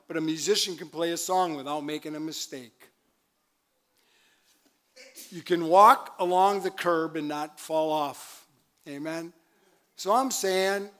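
A man's voice: fairly high pitch, a bit bright. An older man, a pastor, preaching a sermon in a church, chatty with laughing asides and calls for amen. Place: church sanctuary.

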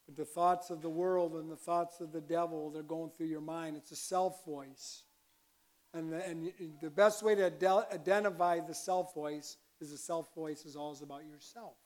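A man preaching a conversational sermon as a pastor, with sudden bursts of loud emphasis. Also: a little high, steady tone, normal speed.

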